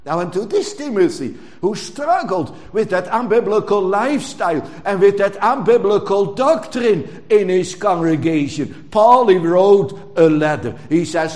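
A man's voice: high-pitched, animated. A man preaching a sermon in English, stressing words strongly and drawing phrases out. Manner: emphatic, drawn-out preaching with sudden loud stresses. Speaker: pastor.

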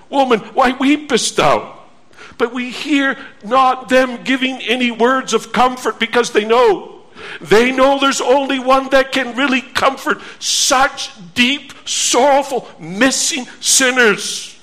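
Slow, high-voiced earnest male preacher. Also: sharp tone. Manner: slow, earnest, repeats phrases with rhetorical questions. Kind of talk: sermon.

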